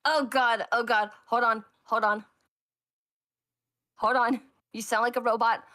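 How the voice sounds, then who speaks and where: A woman's voice: fairly high pitch, fairly even intonation, measured pace, sharp tone, no room sound, clean studio sound. A woman co-hosting a casual podcast chat, flustered and talking over herself while she fixes the audio on a headset mic. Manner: flustered, keeps saying hold on while fixing audio. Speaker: podcast co-host running a game.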